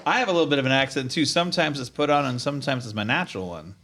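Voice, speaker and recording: A man's voice: medium pitch, rapid-fire, fairly bright tone. A man hosting a casual interview, easygoing, asking brief questions and laughing along with his guest. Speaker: podcast host.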